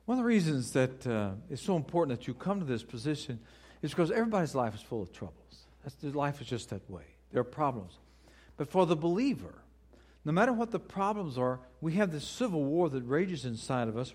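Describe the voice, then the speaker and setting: Earnest preaching man, pleading then hushed. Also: on the high side, sing-song, brisk, slightly rough. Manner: earnest, swings from loud pleading to hushed prayer. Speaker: pastor. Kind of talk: sermon. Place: church.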